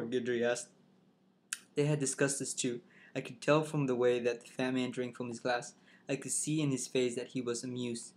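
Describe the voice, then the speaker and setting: A man's voice: mid-range voice, flat delivery, normal speed, a little mellow. A man reads a novel aloud in the first person with a mid-range voice. He stumbles, restarts words and rereads lines, breaking off now and then to comment on the passage. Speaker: reader.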